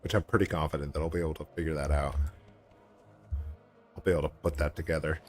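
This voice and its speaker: A man's voice: very deep voice, fairly even intonation, quick pace, a little mellow, faint music behind. A man hosting a casual game livestream, chatting in a laid-back way and laughing often. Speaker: streamer.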